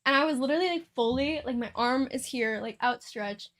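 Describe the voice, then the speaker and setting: A chatty young woman rambles through a casual game stream. She laughs often and swears offhandedly. Her voice sits a little high and sounds close and dry. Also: fairly quick, a bit bright, dry recording. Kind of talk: casual livestream chat while playing a life-sim game.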